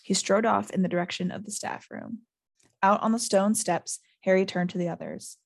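A woman hosting a podcast, reading a novel aloud live and chatting in a lively way. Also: mid-range voice, normal speed, creaky. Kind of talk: live book reading with chat.

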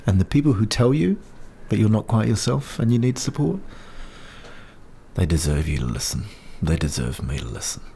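A man's voice: fairly low pitch, very animated, normal speed, gravelly, warm tone. A middle-aged man with a New Zealand accent gives an earnest, encouraging personal monologue outdoors. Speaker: podcast host sharing personal experience. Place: outdoors in wind. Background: faint wind.

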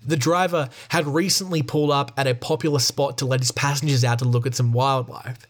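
A man hosting a podcast, reading a prepared script in a steady storytelling tone. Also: mid-range voice, brisk. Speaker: podcast host. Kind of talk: scripted narration.

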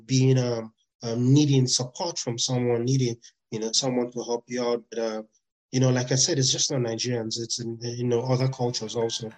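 Reflective, halting male therapist. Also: medium pitch, a little mellow, poor audio. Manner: reflective, halting with many fillers. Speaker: therapist, podcast guest. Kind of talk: casual interview.

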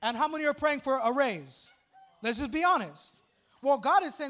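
Male pastor in his thirties, very high voice, chatty sermon with jokes and bursts of emphasis. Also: very animated, normal speed, a bit bright. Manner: conversational, humorous preaching with rising emphatic outbursts.

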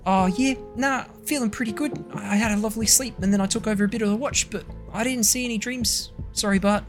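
A man's voice: high voice, fairly even intonation, fast talker, faint music behind, pitched above the performer's own voice. A man voicing a cheerful male rabbit-folk companion in an attempted New Zealand accent, chirpy and apologetic.

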